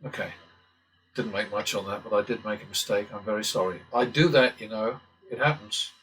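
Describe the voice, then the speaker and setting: A man's voice: on the low side, fairly even intonation, a little fast, fairly bright tone, low-quality recording. A man casually talking through simulated blackjack hands, muttering calculations with wry asides and the odd swear word. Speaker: blackjack strategy channel host. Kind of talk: casual commentary while playing simulated blackjack.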